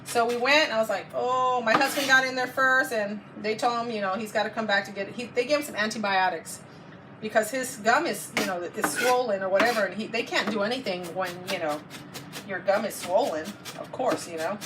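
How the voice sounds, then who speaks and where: A chatty woman with a drawl and a fairly high voice tells a long, meandering story, stopping to correct herself and laughing along the way. She sounds like she is some distance from the mic, and clear background noise runs underneath. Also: fairly quick. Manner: rambling, self-correcting, laughs often. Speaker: vlogger. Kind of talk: casual chatty storytelling to viewers. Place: home kitchen. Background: kitchen sounds while cooking.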